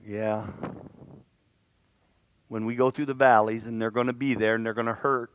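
Man preaching, swings soft to loud. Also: lowish voice, slow, pauses often, clear, resonant tone, no room sound. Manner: animated storytelling, swings from hushed to loud. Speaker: pastor. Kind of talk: sermon. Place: church sanctuary.

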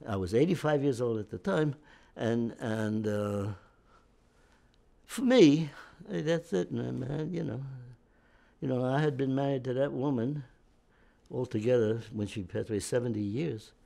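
A man's voice: mid-range voice, unhurried, gravelly, warm tone. A man in his nineties, a war veteran, telling a long story in an interview with many restarts and repeated words. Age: 90s.

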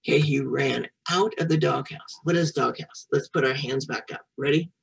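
A woman's voice: low voice, creaky, slightly rough, distant mic, low-quality recording. Woman reading a storybook to a child, encouraging, repeats words, picked up from across the room. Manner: slow, patient and encouraging, repeats each word for the child. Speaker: children's storyteller and French teacher. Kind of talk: reading a picture book aloud to a child, teaching French words.

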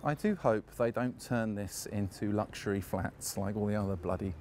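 A man's voice: on the low side, moderate pace, a crowd in the background. A man chatting casually as he leads a walking tour outdoors, full of anecdotes and frequent chuckles. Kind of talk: casual guided walk narration. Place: outdoors on a park walk.

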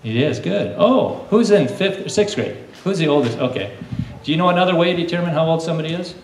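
A man leading a lively lesson for a room of children, coaxing them to call out answers like a coach. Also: on the high side, brisk. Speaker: children's teacher. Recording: echoey room, distant mic, faint hum.

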